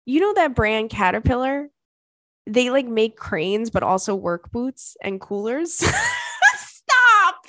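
A young adult woman hosts a podcast, sharing candid stories in a chatty, oversharing style full of swearing and laughter. Her voice sits a little high, swings hugely in pitch, and moves slowly. The recording is studio quality with no room sound.

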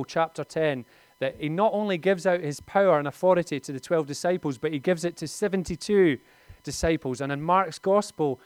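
A man's voice: a little high, a little mellow, clean tone, dry recording. A man, preaching a conversational sermon in a lightly humorous tone.

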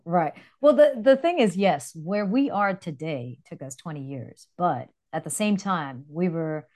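A woman co-hosting a casual podcast as a dance instructor, chatty and quick to laugh. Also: lowish voice, lively intonation, darkish tone.

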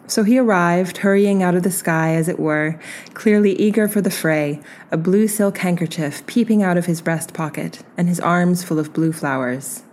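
A woman reading a literary essay aloud in a slow, measured and reflective way. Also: on the low side, darkish tone. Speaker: reader.

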